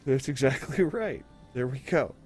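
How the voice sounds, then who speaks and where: Young male streamer on a headset, crude and rambling, mid-pitched, faint game music behind. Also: expressive, measured pace, darkish tone. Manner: crude, rambling, swears a lot. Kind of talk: casual gaming chat.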